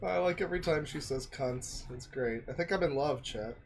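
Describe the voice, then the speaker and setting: A man's voice: a little high, normal speed, gravelly, slight background noise. Rambling, joking male streamer. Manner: rambling, joking, many fillers. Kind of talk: casual reaction commentary.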